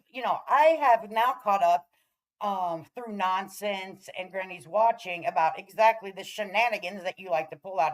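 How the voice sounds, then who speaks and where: A woman's voice: mid-range voice, low-quality recording. Sassy, blunt-talking woman streamer. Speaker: commentary streamer host. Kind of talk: casual reaction commentary.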